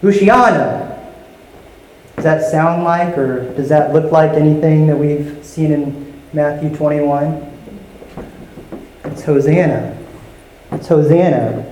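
Man, teaching sermon, mellow fairly high voice, explanatory, questions to the congregation, echoey hall. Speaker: pastor teaching a Bible study. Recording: echoey hall with faint ambience.

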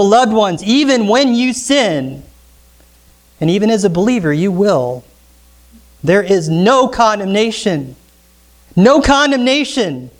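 A man preaching a sermon, emphatic, repeating key phrases and putting questions to the congregation. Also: high voice. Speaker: pastor.

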